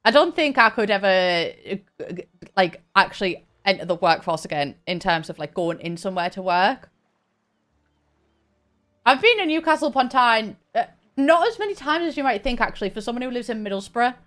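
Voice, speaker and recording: A young woman chats through a live gaming stream. She talks in stop-start bursts, full of restarts and quick laughs, in a voice pitched a little high, close to a desk mic. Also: animated, fairly bright tone. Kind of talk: casual live-stream chat while gaming.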